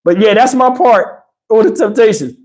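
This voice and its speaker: A man's voice: sits high, lively intonation, moderate pace, darkish tone. A middle-aged man with a Southern US accent hosting a casual livestream, loose and chatty, laughing often and acting out movie lines. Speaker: livestream host. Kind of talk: casual live chat reading donations.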